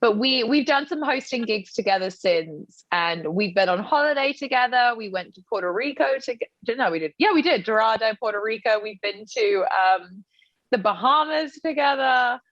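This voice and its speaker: Animated high-voiced British-born woman guest. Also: moderate pace, dry recording. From Britain. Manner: animated, laughs often. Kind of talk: casual interview chat. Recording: dry, dull lo-fi audio.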